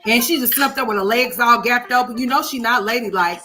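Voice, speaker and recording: With faint music in the background, a woman from Oklahoma commentates on a reality video during a livestream, her loud, profane rants full of brash sass. She speaks fairly quickly in a slightly high voice.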